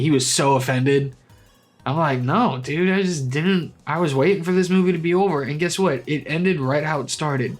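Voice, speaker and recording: Blunt, sweary young man ranking movies. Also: medium pitch. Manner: blunt, sweary, rambling, animated asides. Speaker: movie vlogger. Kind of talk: casual opinionated commentary.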